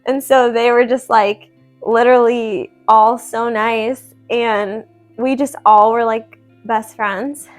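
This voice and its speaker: A young woman with a slightly raised pitch tells a long personal story at home. She talks casually and keeps it animated, and laughter slips into her telling. Soft music plays faintly behind her. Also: takes it slowly. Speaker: vlogger telling her husband news. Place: at home, seated with her husband.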